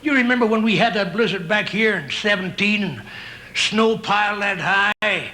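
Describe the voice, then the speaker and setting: A man's voice: high voice, normal speed, pushed and bright. A man voicing a boastful old cowboy, telling a yarn with a folksy drawl.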